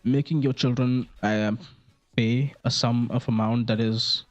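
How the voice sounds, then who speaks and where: A man's voice: medium pitch, fairly even intonation, unhurried, soft background music. A young man around eighteen from India, rambling jokily through casual gameplay commentary, swearing now and then. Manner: rambling and jokey, with frequent fillers and swearing. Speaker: gaming video creator. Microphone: desk microphone.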